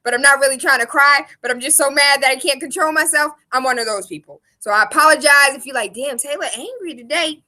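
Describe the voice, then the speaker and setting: A young woman with a high, bright, piercing voice rants fiercely to camera. She is emphatic, profane and openly emotional, pressing each point as a local activist. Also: quick pace, hardly any pauses. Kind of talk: impassioned direct-to-camera rant.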